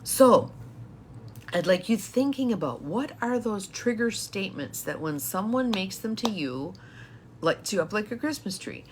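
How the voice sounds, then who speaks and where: A woman's voice: medium pitch, animated, moderate pace, slight background noise. A woman coach giving a chatty live-streamed talk to viewers, laughing often as she explains. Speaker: empowerment coach.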